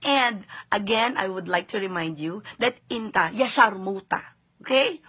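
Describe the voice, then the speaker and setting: A woman's voice: medium pitch, expressive, moderate pace, sharp tone, husky. A Filipino-accented woman vlogger ranting straight to camera, indignant and sarcastic. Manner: indignant, sarcastic, switching between English and Tagalog. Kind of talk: angry direct-to-camera rant.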